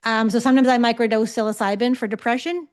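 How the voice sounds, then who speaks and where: A woman with a slightly high voice teaches a live class over a video call. She talks in a loose, chatty way and keeps pausing to ask her listeners whether they follow. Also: fairly even intonation. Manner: conversational, checks in often with 'okay?'. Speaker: psychic development teacher.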